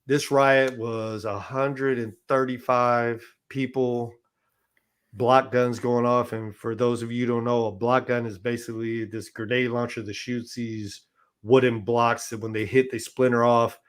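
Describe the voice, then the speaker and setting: A man's voice: medium pitch, little pitch movement, unhurried. A man as an interview guest, recounting experiences in a loose, conversational way, often checking in with "right?" and restarting his sentences. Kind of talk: casual storytelling interview.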